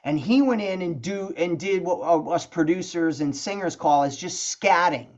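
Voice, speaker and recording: A middle-aged man, a guest songwriter, telling stories in a casual interview, chatty and animated, filling his talk with "you know" and "man". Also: a little high, normal speed. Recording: dull lo-fi sound.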